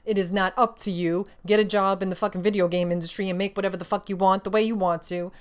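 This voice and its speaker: A woman's voice: mid-range voice, fairly even intonation, fast, smooth. A young adult woman hosting a casual gaming news show, ranting in a sassy, profane, exasperated way and laughing often.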